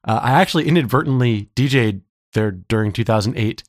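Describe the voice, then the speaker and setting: A man's voice: medium pitch, animated, brisk, no echo, clean studio sound. A man co-hosting a podcast in casual, joking talk, his throat slightly scratchy. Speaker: podcast co-host.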